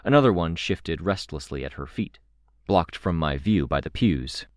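Very deep-voiced man reading a novel. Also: animated, moderate pace, dry recording, clean studio sound. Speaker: audiobook narrator. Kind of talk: first-person novel reading.

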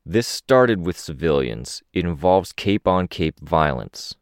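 A man voicing a calm, persuasive police officer who speaks in a measured way. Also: low-pitched, no echo, clean studio sound, exaggerated voice.

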